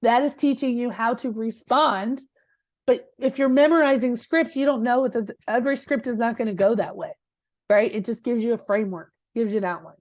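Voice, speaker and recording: A woman's voice: fairly high pitch, a little fast, darkish tone, dry recording, muffled recording. A woman coaching a live class in a direct, conversational way, often checking in with her listeners. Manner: direct, conversational, with many rhetorical 'right?'s. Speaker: real estate coach. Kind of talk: live teaching session.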